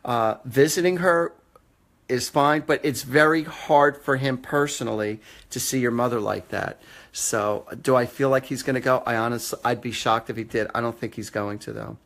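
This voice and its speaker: A man's voice: mid-range voice, normal speed, vocal fry, fairly bright tone. Chatty joking male medium host. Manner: chatty, joking, casual with swearing. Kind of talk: live-stream reading.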